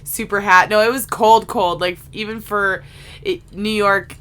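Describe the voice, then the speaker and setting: A woman's voice: medium pitch, measured pace. A woman co-hosting a podcast in casual, chatty conversation, her nose stuffed up from allergies. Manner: chatty, animated, self-mocking. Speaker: podcast co-host. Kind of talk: casual chat.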